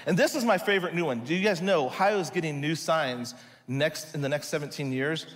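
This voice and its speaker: A man with a slightly high voice tells a funny story from the pulpit, animated and full of jokes. His voice carries a long reverb, as if spoken in a big hall. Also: brisk. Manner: animated, joking, lively storytelling. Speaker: speaker telling a mission trip story. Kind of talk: humorous sermon storytelling.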